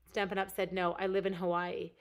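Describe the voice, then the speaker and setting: A woman's voice: fairly low pitch, flat delivery, a little fast. A woman in her forties from Canada hosting a casual live stamping stream, telling a long story while cutting paper and answering viewers by name.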